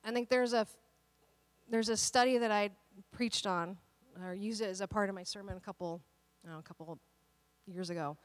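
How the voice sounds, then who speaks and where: A woman pastor in her thirties preaching a sermon in a lively, conversational way, with frequent restarts. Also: medium pitch, fairly quick, pauses often, no room sound.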